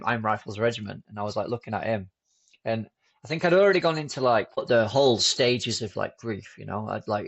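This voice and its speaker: Candid man, slightly muffled. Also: mid-range voice. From Britain. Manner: informal, frequent "like" and restarts. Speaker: podcast guest. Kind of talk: candid personal storytelling.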